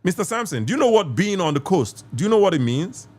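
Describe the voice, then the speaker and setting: Nigerian male podcast host, fairly high voice, animated delivery, firm and lecturing with callers. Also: fast talker. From southeast Nigeria. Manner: assertive, lecturing, repeats for emphasis. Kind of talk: live call-in debate.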